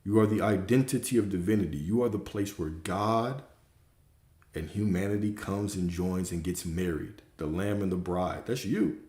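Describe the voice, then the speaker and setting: A man's voice: low voice, normal speed, darkish tone. A man who works as a spiritual coach, giving a casual, emphatic livestream talk that repeats its points and swears freely. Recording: roomy echo.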